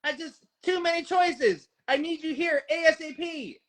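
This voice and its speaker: A fussy, overexcited friend making a trivial emergency sound urgent, as a man puts him on. His mock-breathless delivery sits a little above his normal talking pitch. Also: normal speed, a bit bright. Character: fussy male friend, fake clothing emergency.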